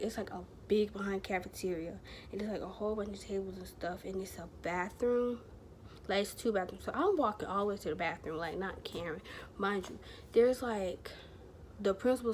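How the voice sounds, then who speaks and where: Woman vlogger, mid pitch, chatty and rambling, slangy storytelling, faint background hiss. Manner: rambling, chatty, heavy use of filler words and slang. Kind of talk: casual storytelling to camera.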